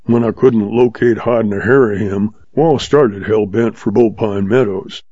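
Brief: man voicing a blustery old ranch hand, husky and folksy, dry close read. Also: fairly low pitch, a little slow, warm tone, no echo. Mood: gruff. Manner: snorting, colloquial drawl. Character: blustery old male cowhand, folksy and gruff. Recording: dull lo-fi recording.

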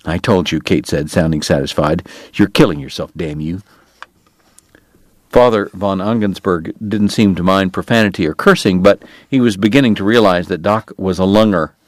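A male audiobook narrator with a lowish voice and a dry, close sound. He tells the story evenly and steadily, in a measured read. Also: no room sound. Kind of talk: scripted narration.

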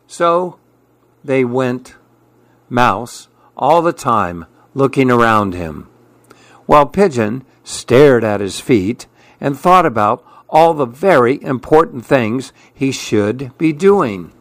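Slow, calm male storyteller. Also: mid-range voice, no room sound. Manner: calm and measured. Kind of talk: children's story read-aloud.

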